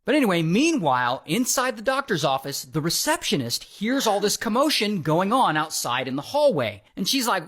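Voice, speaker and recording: A man narrating a story in a casual, wry way, with dramatic pauses and amused asides. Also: high-pitched, sing-song, fairly bright tone.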